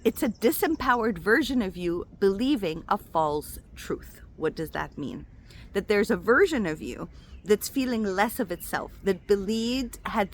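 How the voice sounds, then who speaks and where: A woman spiritual coach gives a casual motivational talk, animated and expressive. Her voice sits at a middle pitch and rises and falls a great deal as she speaks. She addresses the listener warmly as "my love.". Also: a little hiss or hum. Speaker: spiritual coach and intuitive healer.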